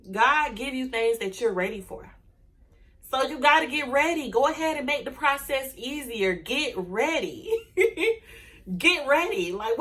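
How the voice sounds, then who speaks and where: Young woman vlogger, motivational to camera, bright forceful tone, preachy, repeats affirmations. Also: sits high. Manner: emphatic, repeats affirmations slowly; preachy and direct, ends points with "okay?". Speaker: vlogger teaching a hair business.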